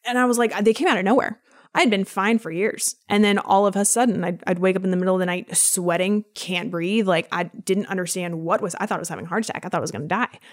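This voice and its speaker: She's a fast talker with a mid-range voice, a personal trainer relating a personal story in a casual podcast interview, a lively narrator who gives voice to everyone she quotes.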